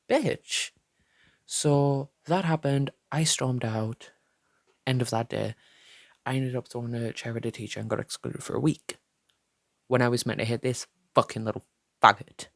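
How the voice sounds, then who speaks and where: Recorded with clean studio sound and no echo, this young man's medium-pitched voice narrates a dramatic storytime vlog. Animated and foul-mouthed, he imitates the voices of the people he quotes.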